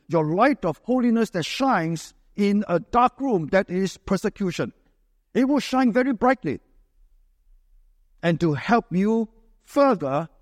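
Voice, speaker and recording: A man preaching a sermon, with a fairly high voice. He talks conversationally, often tossing a quick "right?" to the congregation. His voice sounds close and dry, yet a long hall reverb trails after it. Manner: conversational preaching with frequent rhetorical "right?" checks.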